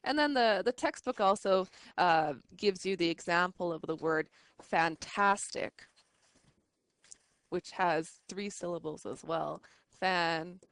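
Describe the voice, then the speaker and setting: A woman's voice: fairly low pitch, measured pace, fairly bright tone, dry recording. A woman teaching an adult English class, explaining step by step in a patient way with frequent ums and restarts. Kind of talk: recorded online class lesson. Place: classroom with online students.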